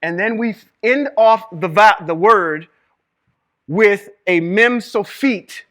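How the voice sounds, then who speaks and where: A man teaching Hebrew reading and scripture to a live group, lively and quizzing the room with questions. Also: high-pitched, takes it slowly. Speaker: Bible teacher. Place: room with a small live audience.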